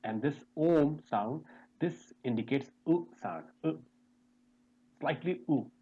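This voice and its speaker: A man teaching English pronunciation in an online lesson, speaking deliberately, repeating sounds and spelling words out letter by letter, and asking the class questions over a video call. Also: fairly high pitch, breathy edge, narrow, tinny audio.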